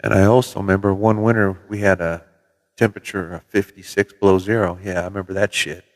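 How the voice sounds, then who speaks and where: A middle-aged man from Minnesota hosting a casual livestream from his CB radio shop, telling relaxed folksy stories with mild swearing. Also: deep voice, brisk, big-room sound. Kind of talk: casual livestream chat with viewers. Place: CB radio shop in New Mexico.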